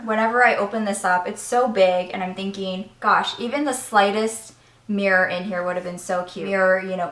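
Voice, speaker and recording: A woman's voice: medium pitch, a bit bright, echoey room. A woman vlogger giving a candid makeup review and demo in a chatty, step-by-step way. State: voice cracking slightly. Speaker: beauty vlogger.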